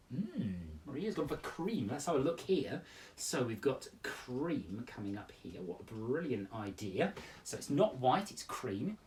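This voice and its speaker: Animated man reciting for kids. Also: mid-range voice, far from the mic. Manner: playful, animated, talks straight to young viewers. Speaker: poet hosting a children's poetry show. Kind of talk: live-streamed poetry workshop and performance for children. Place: at home.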